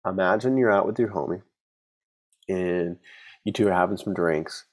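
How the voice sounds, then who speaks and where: A man's voice: low voice, moderate pace. A man hosting an unscripted solo podcast, talking frankly in a rambling way, with many restarts and some swearing. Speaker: podcast host.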